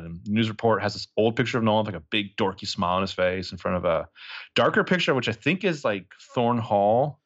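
A man co-hosting a podcast in casual chat, recapping a TV episode and animatedly acting out the characters' lines. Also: lowish voice. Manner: animated, acts out characters' lines in quick voices. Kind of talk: casual chat, retelling scenes. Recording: dull lo-fi sound.

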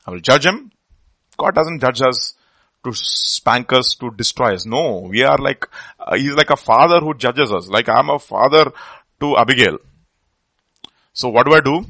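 A man's voice: mid-range voice, sharp tone, no room sound, poor audio. A man with an Indian English accent preaching a sermon as a pastor, emphatic and full of rhetorical questions.

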